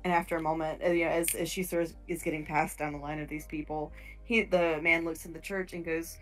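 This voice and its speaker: A woman's voice: low voice, level tone, brisk, faint music behind. Woman game master narrating. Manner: descriptive, with fillers and restarts. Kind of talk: narrating a tabletop horror game.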